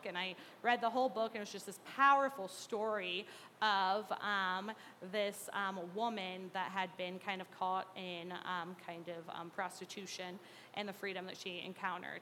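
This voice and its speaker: Bright-voiced woman in a reverberant room. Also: medium pitch, a little hiss or hum. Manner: earnest, halting, many fillers. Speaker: speaker sharing a faith testimony. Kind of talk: personal testimony, casual. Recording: long reverb.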